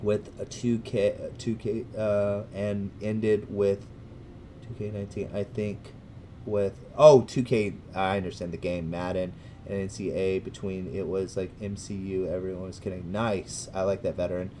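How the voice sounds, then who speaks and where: Rambling Californian man streaming, low-voiced. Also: little pitch movement, normal speed, a little hiss or hum. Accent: American, Californian. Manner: rambling and hesitant, many restarts, bursts of loud cheerful greetings. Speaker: gaming livestreamer. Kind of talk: casual livestream chat with viewers.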